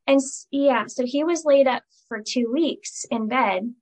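A woman in her forties speaks as a guest in a casual podcast chat. She is earnest and emotional, with a voice a touch higher than most, and she often halts and restarts her sentences. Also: measured pace, low-quality recording. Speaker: guest, virtual assistant.

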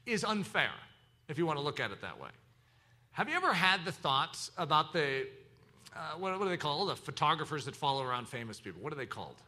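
A man's voice: a little high, sharp tone. A man preaching a sermon as pastor, teaching in an emphatic, preacherly way.

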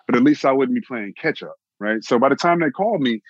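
A man from Austin, Texas, an actor telling his own story in an interview, animated and repeating phrases for emphasis. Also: medium pitch, fast, no room sound, dull audio. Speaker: actor, guest.

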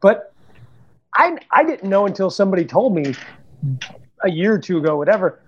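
A man's voice: sits high, very animated, normal speed, dull audio, a little hiss or hum. A man co-hosting a casual podcast chat, joking with stammering asides. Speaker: co-host.

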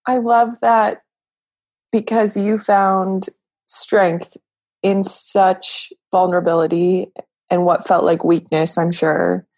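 Woman host, mid-pitched, affirming and encouraging in conversation. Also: flat delivery, slow pace, a little mellow. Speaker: interviewer. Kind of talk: conversational interview.

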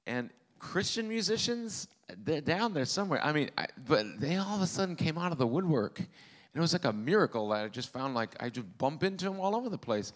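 A man's voice: a little high, sing-song, a little fast. A man preaching a testimony sermon, telling his story in an earnest way with a dry, self-mocking humor.

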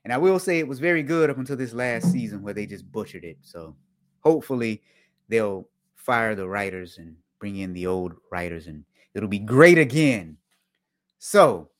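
Animated man hosting a casual talk. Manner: dry humor, repeats his points for emphasis; animated, jumps up in pitch and volume for emphasis. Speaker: host of an online show for auditors. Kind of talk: casual live-stream talk.

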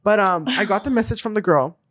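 A woman's voice: medium pitch, a little fast. A young woman guest on a podcast, telling a story in casual chat, swearing freely and acting out what people said. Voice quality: animated, swears freely, acts out quotes.

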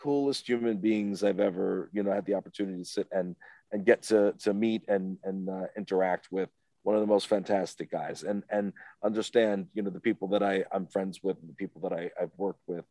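A man's voice: sits low, fairly even intonation, a little fast, mellow, dry recording. A man, a guest on an interview show, tells a story in a casual, rambling way, often stopping with "what do you call it" and acting out the voices of the people in it. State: emotional, close to tears.

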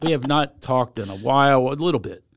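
Lively comic man hosting casual chat. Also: medium pitch, fairly quick. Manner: jokey, teasing, animated banter. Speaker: podcast host.

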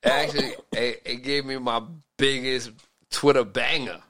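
Man, podcast co-host, mid pitch, animated storytelling, slang, casual banter. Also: a little slow.

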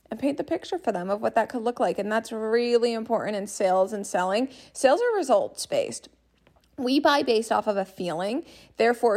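A young adult woman coaching listeners on sales in an enthusiastic, direct way. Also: on the high side. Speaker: business coach. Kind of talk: teaching monologue.

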